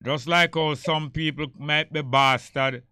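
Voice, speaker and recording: A man with a Jamaican accent hosting a radio talk show, his voice very bright and crisp in a dry studio booth. He tells stories with ease and drifts between patois and English. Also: fairly high pitch, steady tone, a little slow, no echo. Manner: storytelling, mixing patois and English. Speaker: radio host. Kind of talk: casual talk radio discussion.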